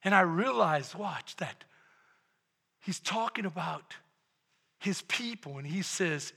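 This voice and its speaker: A man preaching a sermon as pastor, telling a family story with shouted exclamations and quiet, reflective passages. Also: sits high, animated, measured pace, vocal fry, breathy edge. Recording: long church-hall reverb.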